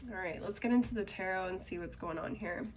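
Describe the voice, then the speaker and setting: A woman's voice: mid-range voice, fast, noisy background. Congested woman giving a chatty tarot reading. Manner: chatty, musing aloud over cards. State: congested with a cold. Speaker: tarot reader. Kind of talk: casual tarot reading to camera.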